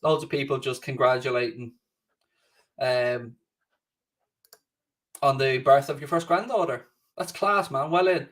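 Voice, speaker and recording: A man's voice: mid-range voice, unhurried, long pauses, fairly bright tone, distant mic. A man hosting a casual live stream at home, chatting loosely, swearing freely and reading out viewer comments. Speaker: livestream host. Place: home studio.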